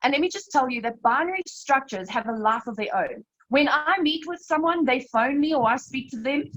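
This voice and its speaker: A woman leading a live slide presentation, explaining step by step in a brisk, emphatic way and often calling her listeners "you guys". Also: fairly high pitch, a bit bright, muffled recording. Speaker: network marketing team leader presenting a webinar.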